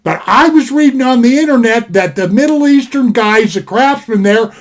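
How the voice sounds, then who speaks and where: An older man giving a casual sit-down knife review at his desk on a webcam, rambling and folksy, repeating himself and spelling out words. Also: very high-pitched. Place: indoors at a desk.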